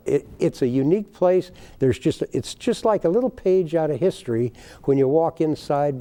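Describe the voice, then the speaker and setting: An older man spins a folksy tale with a lively, swooping voice that rises high when he gets excited. His tone is dark and mellow. He acts out the people in his stories as he goes. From United States. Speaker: guest, baker. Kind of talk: storytelling in a TV interview.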